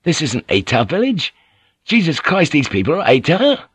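A man's voice: on the high side, huge pitch swings, moderate pace, breathy edge, no echo, voice pushed up, heavily acted. A man voicing a guarded ship's pilot who speaks hesitantly. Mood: uneasy. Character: uneasy English ship's pilot, male, adult.

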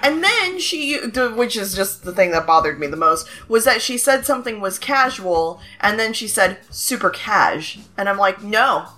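A woman in casual chat, animated and sarcastic, often laughing. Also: medium pitch, normal speed, hardly any pauses.

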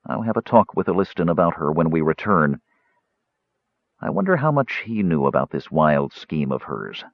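A man voices a weary, kind leader of men, speaking low, soft and earnest. The lines stay calm and caring. The storybook recording sounds dry and slightly muffled. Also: no echo, heavily acted. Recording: dull dry studio recording.

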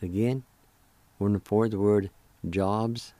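A man's voice: lowish voice, steady tone, measured pace, mellow, no room sound. A man hosting a radio language lesson, patiently spelling and sounding out words syllable by syllable. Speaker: radio host teaching a language.

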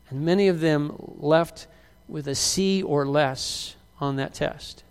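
Slowly and smoothly, a middle-aged pastor with a slightly high voice preaches a sermon, bringing his stories to life by acting out what each person says. A long hall reverb surrounds his words.

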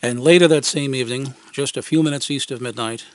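A man's voice: mid-range voice, fairly quick, dry recording. A man reads a wry, scripted first-person story for an amateur radio program. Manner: wry, dry humor, acted quotes. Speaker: radio segment commentator.

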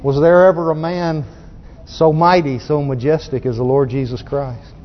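A man's voice: fairly high pitch, steady tone, normal speed, slight background noise. A man preaching a sermon in a folksy, fervent way, often restarting his sentences as he goes. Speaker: pastor. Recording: muffled recording in a reverberant hall.

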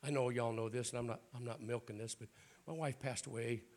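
A man's voice: medium pitch, fairly even intonation, brisk, darkish tone. An older man with a Southern accent preaching a sermon in a folksy, joking way. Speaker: bishop preaching.

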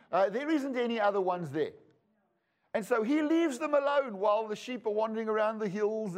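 A high-pitched man delivers a sermon in a conversational way. He reads long scripture passages and slips in wry asides to his listeners. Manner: conversational preaching with joking asides. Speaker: pastor and Bible school teacher.

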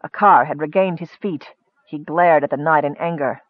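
A man narrates a fantasy story in steady, expressive storytelling. His voice is high for a man. The recording is dry, close and slightly dull. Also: moderate pace, dry recording. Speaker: audiobook narrator.

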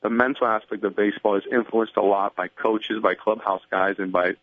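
Low-voiced man, relaxed phone guest. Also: fairly quick, no room sound, phone-quality sound. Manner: relaxed, says "I mean" often. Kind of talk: casual phone-in chat.

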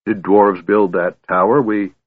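A man's voice: on the low side, fairly even intonation, measured pace, no echo, phone-quality sound. A man voicing an impish, curious young male kender in an audiobook, eager and light.

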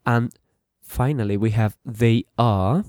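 Casting: male teacher, slow patient drilling, dry close mic. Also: mid-range voice, a little mellow, no echo. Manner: slow, repetitive drilling, switching to Spanish translations. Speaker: English teacher. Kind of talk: bilingual English lesson podcast.

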